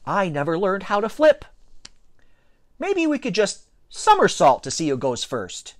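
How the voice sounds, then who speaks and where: A man doing a squeaky, wisecracking schoolboy. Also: huge pitch swings, unhurried, dry recording, studio quality, heavily acted. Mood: jokey whiny. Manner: high, squeaky and jokey. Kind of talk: storybook reading.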